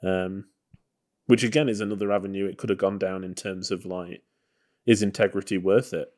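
Man, very low voice, podcast co-host, easygoing film chat, rambling fillers. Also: fairly even intonation, normal speed, darkish tone. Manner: loose and conversational, many fillers and hedges. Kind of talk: casual film-review chat.

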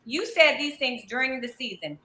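Bright high woman questioning pointedly. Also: animated, moderate pace. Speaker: review panelist. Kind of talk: casual panel discussion. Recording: roomy echo.

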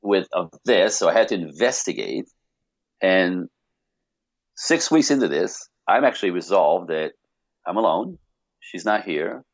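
A man speaking as a podcast guest, telling a personal story in an animated way, with many restarts and rhetorical questions. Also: sits low, unhurried, long pauses, no echo, lo-fi sound.

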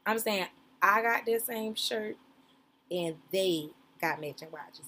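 A woman's voice: medium pitch, expressive, takes it slowly, fairly bright tone, a little hiss or hum. A woman giving casual, playful reaction commentary on a reality show, talking straight to her viewers in a slangy, chatty way. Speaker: reaction streamer.

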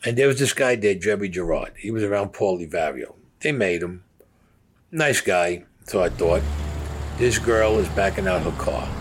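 A man's voice: deep voice, lively intonation, moderate pace, a little hiss or hum. A man telling blunt, profane stories from his past as an interviewee, acting out the voices of the people he quotes. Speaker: interviewee recounting mob stories. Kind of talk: casual storytelling.

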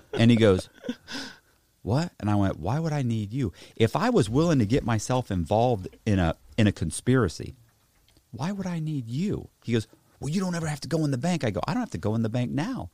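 A man telling a story in casual chat, profane and animated, acting out both sides of a conversation. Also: medium pitch, quick pace, no room sound. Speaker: podcast host telling a story.

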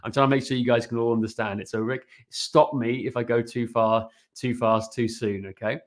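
Guy in his 40s, guest on a podcast, chatty and animated, keeps asking "right?", middle-pitched voice. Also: brisk. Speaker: guest, fitness business and website consultant. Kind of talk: casual podcast explanation.

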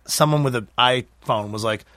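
A man's voice: mid-range voice, moderate pace, bright, forceful tone, dry recording, clean studio sound. A man, a guest actor from Canada, chatting casually on a podcast in a loose, joking, profane way.

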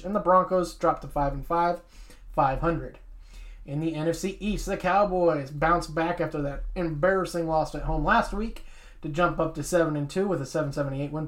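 A man co-hosting a casual sports talk show, reading through league standings with quick asides. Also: a little high. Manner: reads standings in a steady list, adds quick asides. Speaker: sports podcast co-host.

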